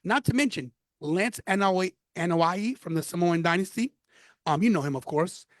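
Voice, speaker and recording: This fifty-something former wrestler from Brooklyn speaks with a New York accent while chatting casually on a podcast. He has a high-sitting voice at a normal speed, recorded dry, and his storytelling is lively and emphatic, full of repeated phrases.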